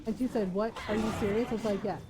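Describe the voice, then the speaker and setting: A woman's voice: mid-range voice, fairly even intonation, fast talker, background noise. A woman streaming a game live, chatting and giggling as she rambles about the story. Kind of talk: live gameplay commentary.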